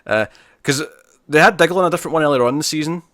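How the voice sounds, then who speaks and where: A man's voice: fairly high pitch, racing, a bit bright, dry recording, clean studio sound. A man co-hosting a podcast in casual chat, rambling with lots of "like" and laughs. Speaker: podcast co-host.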